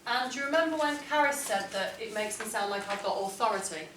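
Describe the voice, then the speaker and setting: This is a woman English teacher giving a classroom writing lesson in a mid-range voice. She reads model texts deliberately and clearly, hitting key words with emphasis, while the echoey room and a faint hum of noise keep her sounding far off.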